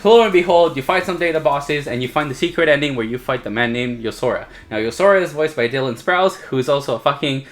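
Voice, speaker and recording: A man's voice: on the high side, lively intonation, fast, hardly any pauses. A drunk young man casually retelling a video game story, rambling and swearing, laughing often and acting out characters in silly voices. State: tipsy. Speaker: co-host.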